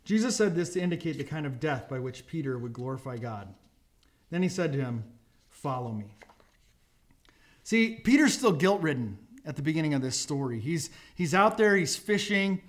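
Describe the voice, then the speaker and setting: A man's voice: a little high, lively intonation, a little fast. A man preaching a casual sermon as pastor, telling a story in a conversational way and acting out the quotes. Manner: conversational, acts out quotes with voices.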